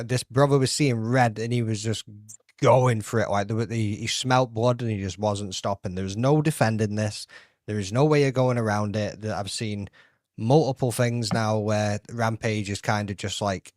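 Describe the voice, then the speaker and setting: A man's voice: on the low side, no echo, clean studio sound. A man on a streamed video call giving emphatic, slangy opinions in casual podcast chat. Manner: emphatic, repeats points, slangy. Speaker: podcast panelist.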